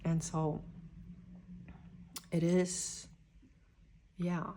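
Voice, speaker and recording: A woman giving a dreamy, spontaneous channeled tarot reading, drifting into whispers and excited exclamations. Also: fairly low pitch, very slow. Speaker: tarot reader.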